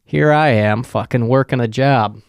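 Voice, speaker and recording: A man's voice: mid-range voice, normal speed, clear, resonant tone, no echo, clean studio sound. A man with a profane, sarcastic manner, rambling through a casual solo rant as a podcast host.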